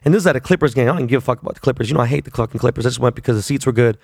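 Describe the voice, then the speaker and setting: A man's voice: medium pitch, very fast, creaky, husky, dry recording, studio quality. A man in his forties telling a long, profane story in a casual, rambling way, full of fillers. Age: 40s.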